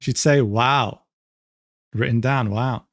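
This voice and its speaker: A man's voice: mid-range voice, slow, dry recording, clean studio sound. A man streaming and reading private messages aloud, talking casually, swearing freely and laughing often.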